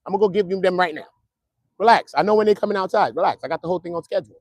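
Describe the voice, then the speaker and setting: A man streaming trial updates from outside a courthouse, joking in loose street talk that swings from loud to muttered. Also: sits high, very fast, dry recording. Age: adult, at least 55. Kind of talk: casual live-stream chat. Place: outdoors near a courthouse.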